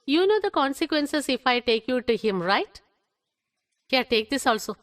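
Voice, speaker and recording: A woman's voice: high-pitched, sing-song, moderate pace. An actress playing a strict female schoolteacher who lectures and scolds a student in dubbed film dialogue. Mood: stern. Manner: stern, lecturing. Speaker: teacher.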